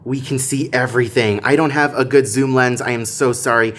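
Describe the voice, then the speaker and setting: A chatty man walks through a hotel room for his theme park vlog. He talks casually and gets excited easily, and his voice leaps up whenever something catches his eye. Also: a little fast, a little hiss or hum. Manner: chatty, easily excited, jumps up in pitch when surprised.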